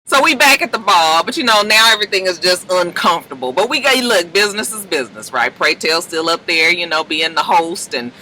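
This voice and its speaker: A man recapping a TV episode in a chatty, animated way. He acts out the characters' lines and calls his viewers "honey.". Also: high-pitched, a little fast, few pauses, a little hiss or hum, rough recording. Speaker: TV episode reviewer. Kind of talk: casual TV recap.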